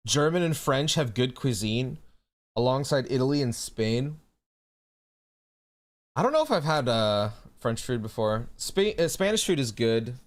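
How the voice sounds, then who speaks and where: A man's voice: mid-range voice, animated, measured pace. A man streaming live who chats casually with his audience in a laid-back way, swearing often and calling people bro.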